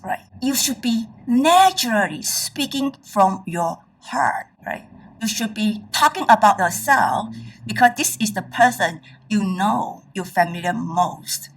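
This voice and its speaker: Animated, breathy woman trainer. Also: medium pitch, far from the mic, rough recording. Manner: emphatic, checks in with the audience often. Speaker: public speaking trainer. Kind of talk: presentation to an audience.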